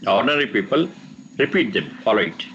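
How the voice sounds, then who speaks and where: A man teaching a class on scripture, explaining verses slowly and repeating the recited lines. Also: mid-range voice, very animated, lo-fi sound, background noise. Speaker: teacher of Vedic texts.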